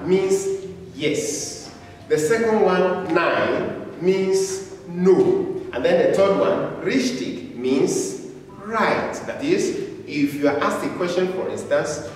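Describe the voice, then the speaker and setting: A man teaching a beginners' German class, speaking patiently and repeating each word for learners to say after him. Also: fairly high pitch. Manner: patient, repetitive, drawn-out words. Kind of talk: slow classroom lecture with repeat-after-me drills. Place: classroom with a board. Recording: echoey hall, voice from far off.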